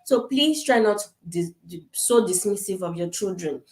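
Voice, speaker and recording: A woman's voice: mid-range voice, expressive, normal speed, darkish tone. Woman from africa talking to parents on a webcam, earnest, lots of restarts, bit echoey. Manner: earnest, repeats points, frequent fillers and restarts. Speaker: summit speaker on parenting. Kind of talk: casual online talk to parents. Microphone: webcam on a video call.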